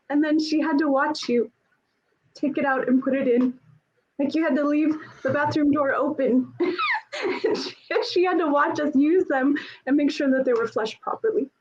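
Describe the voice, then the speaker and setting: Woman, veteran guest, high voice, candid chat, dull lo-fi audio. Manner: candid, laughs often. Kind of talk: casual chat. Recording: dull lo-fi audio with faint noise.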